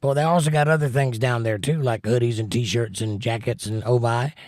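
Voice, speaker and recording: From a home setup, a man hosts a relaxed livestream, greeting viewers and reading their comments aloud while slipping in puns and wisecracks in a chatty way. His voice is medium-pitched, and the sound is close and dry with no room around it.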